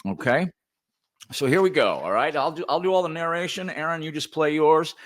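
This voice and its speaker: A man's voice: a little high, a little fast. A man hosting a podcast who runs the talk and reads script narration aloud, with frequent stammering restarts. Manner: lively, directs the conversation, stammers on restarts. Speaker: podcast host. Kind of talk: casual podcast chat, reading script narration.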